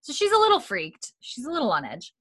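A woman's voice: high voice, wildly swooping pitch, fairly quick, fairly bright tone, slightly rough, no room sound. A woman recapping a TV episode in casual chat, retelling scenes in a chatty way full of "like" and "and then". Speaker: podcast co-host recapping a TV episode.

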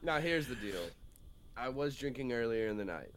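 A man's voice: medium pitch, animated, normal speed, a bit bright. A man in his thirties, a podcast co-host, telling a story in casual chat and acting out both sides of an argument. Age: 30s.

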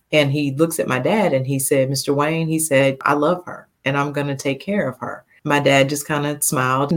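A woman in her fifties, a podcast guest telling a personal story in a heartfelt, animated way, laughing now and then. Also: deep voice. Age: 50s.

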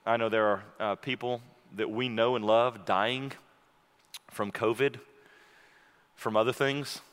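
A man preaching a sermon, telling a story and then moving into a quiet, intimate prayer. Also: medium pitch, steady tone, unhurried, clear, resonant tone. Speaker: pastor. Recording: long hall reverb.

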